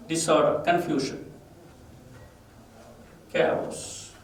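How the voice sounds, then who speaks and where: Male English teacher with an Indian English accent, deliberate pace, recorded away from the mic in a reverberant room with faint noise. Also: a little high, recorded from a distance. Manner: slow, repeats each word and its meaning with stress. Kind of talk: classroom vocabulary lesson.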